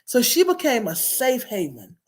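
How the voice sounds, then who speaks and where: A woman's voice: fairly high pitch, huge pitch swings, normal speed, darkish tone. A middle-aged woman guest telling her childhood story in an earnest, reflective way. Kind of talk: personal storytelling.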